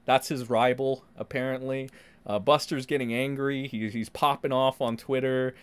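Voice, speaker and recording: A man hosting a casual livestream, rambling and profane, in animated commentary. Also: medium pitch, moderate pace, clean tone. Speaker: streamer host.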